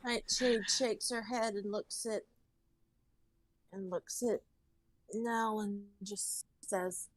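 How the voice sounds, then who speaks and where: A woman's voice: medium pitch, fairly even intonation, slow pace, long pauses, no echo. A woman playing a tabletop game, making dry, wry remarks. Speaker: player. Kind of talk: tabletop role-play.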